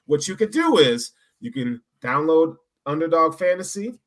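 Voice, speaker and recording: Man, podcast host, loud and joking, fairly high voice, bright forceful tone. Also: sing-song, moderate pace. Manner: loud, joking, gives shout-outs to viewers. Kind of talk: casual sports podcast chat.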